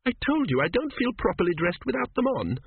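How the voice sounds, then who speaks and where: A man's voice: high-pitched, very animated, fairly quick, vocal fry, slight background noise, voice pushed up, heavily acted. Man putting on a prim, prickly young woman. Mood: indignant. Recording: dry, tinny phone-like sound.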